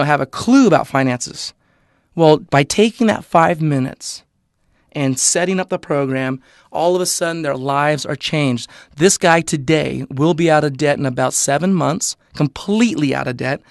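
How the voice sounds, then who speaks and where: A man pitching in an upbeat, salesy way during a webinar, voice sitting a little high for a man. The sound is dry and close, with no room around it. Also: no echo. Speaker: network marketing presenter.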